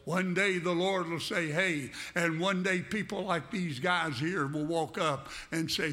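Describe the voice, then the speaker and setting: High, bright-voiced fervent preacher man. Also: measured pace, hardly any pauses. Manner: fervent, repeating phrases for emphasis; addresses the congregation directly. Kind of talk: sermon.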